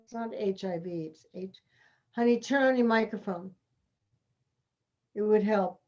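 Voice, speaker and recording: A woman's voice: medium pitch, unhurried, mellow. Woman coaching over a muffled call. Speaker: acting teacher. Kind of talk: coaching an online class. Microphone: video call. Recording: muffled video call audio.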